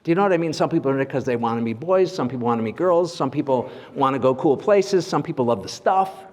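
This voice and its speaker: A man of middle pitch talks casually through a lecture, with a loose, chatty delivery full of asides and quick check-ins with the room. His voice carries a long reverb from the big hall he speaks in. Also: animated, darkish tone. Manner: chatty and conversational, leans on "like" and "right?" checks with the audience. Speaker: guest lecturer, portrait photographer. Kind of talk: informal lecture to a live audience. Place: large lecture hall at a symposium.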